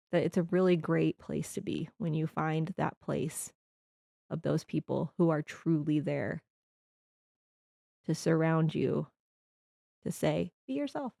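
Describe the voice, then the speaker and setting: A woman's voice: sits low, creaky, warm tone, dry recording, clean studio sound. A woman from the Midwest hosting a podcast, talking earnestly in a rambling reflective monologue with restarts. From American Midwest. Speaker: podcast host.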